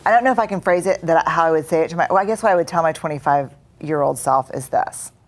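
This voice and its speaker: A woman's voice: deep voice, quick pace. A middle-aged woman speaking earnestly as a guest in a live on-stage conversation, acting out inner voices as she goes. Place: stage before a live audience.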